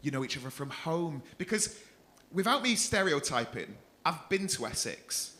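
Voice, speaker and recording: A man's voice: fairly high pitch, sing-song, normal speed, pushed and bright. A man with a Mancunian accent doing stand-up crowd work in a comedy club, teasing audience members with a lot of swearing and laughing through his own jokes. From North West England.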